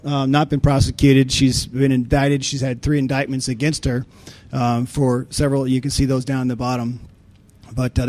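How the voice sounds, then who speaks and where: A man speaks to a conference crowd in a middle-pitched voice. His talk is folksy and blunt, with stories full of fillers and repeated words. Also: darkish tone. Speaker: conference speaker on insider threats.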